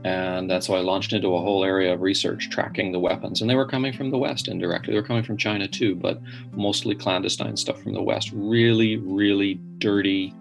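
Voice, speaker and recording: A man, a podcast guest telling his story in an earnest, animated way with frequent restarts. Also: lowish voice, brisk, gravelly, soft background music. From Northern Ireland. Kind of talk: storytelling interview.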